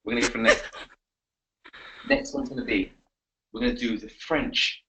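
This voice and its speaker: A man coaching on a live webinar, energetic and repetitive, giving pep talks. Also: medium pitch, moderate pace, slight background noise, rough recording. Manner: energetic, pep-talking, repeats himself. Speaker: confidence coach.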